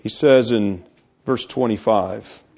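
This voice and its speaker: A man preaching a sermon, reading scripture aloud and explaining it, slowing down to stress key words. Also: lowish voice, darkish tone. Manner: reads scripture aloud, then explains it with emphasis. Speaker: pastor.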